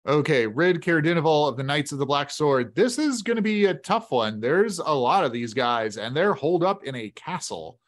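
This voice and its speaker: A man's voice: on the high side, animated, moderate pace, few pauses. A man narrating a solo tabletop game in a casual, conversational way. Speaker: game master playing solo.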